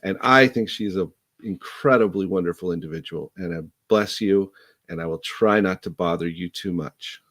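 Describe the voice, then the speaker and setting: Low-voiced man minister, dry and close. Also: fairly bright tone, dry recording. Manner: earnest, slightly halting. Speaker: incoming minister. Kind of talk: short tribute in a church service.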